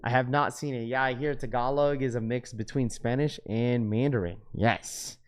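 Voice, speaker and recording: At a moderate pace, a young livestream host chats loosely with viewers, calling them "bro" as he rambles. His voice is medium-pitched and clean, with fairly even intonation.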